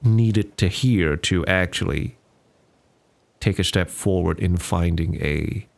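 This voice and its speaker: A young man hosts a relaxed solo podcast with a lowish, gravelly voice. He talks slowly and rambles in a self-deprecating way, often restarting his sentences. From Singapore. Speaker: podcast host. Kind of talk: casual solo podcast chat.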